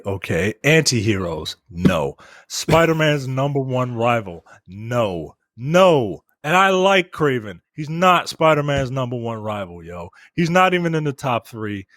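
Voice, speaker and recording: A man's voice: mid-range voice, sing-song, measured pace, few pauses, fairly bright tone, no echo, studio quality. A man co-hosting a podcast in casual chat, ranting in exasperation with lots of filler words. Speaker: podcast co-host.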